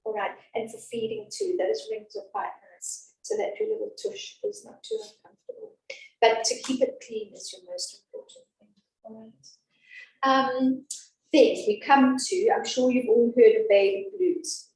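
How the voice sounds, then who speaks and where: A woman's voice: sits high, very animated, moderate pace, darkish tone. Chatty woman teaching a baby class, roomy and distant. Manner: chatty, reassuring, down-to-earth. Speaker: antenatal class educator. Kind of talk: informal class talk. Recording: echoey room from a distance.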